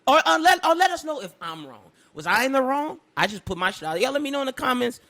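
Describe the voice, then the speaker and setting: A man co-hosting a casual podcast, telling a story with animated energy, laughing often and breaking into loud bursts. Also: extremely high pitch, quick pace. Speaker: podcast co-host.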